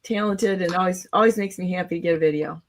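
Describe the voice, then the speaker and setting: A woman's voice: fairly low pitch, fast talker, slight background noise. A woman hosts a casual online talk show. She talks in a blunt, cynical way and rambles from one point to the next, and she comes through over a video call. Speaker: show host.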